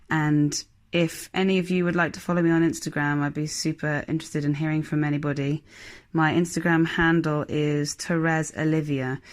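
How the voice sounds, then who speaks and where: A woman actress with a low voice speaks as a guest, thanking the listeners. She talks in a warm, grateful and earnest way. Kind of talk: recorded message to listeners.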